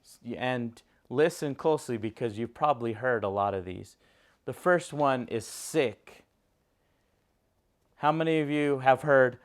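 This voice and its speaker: A man's voice: mid-range voice, measured pace, clear, resonant tone. A man preaching a sermon as a pastor, emphatic and repetitive, putting questions to his listeners.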